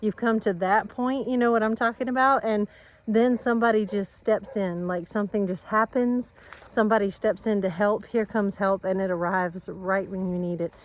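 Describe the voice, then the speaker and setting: A woman's voice: medium pitch, steady tone, moderate pace. A woman chatting casually to viewers of her farm vlog while she walks outside, rambling and earnest. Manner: rambling, warm, talks to her animals and viewers. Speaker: vlogger on a family farm channel. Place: outdoors on a rural driveway and yard.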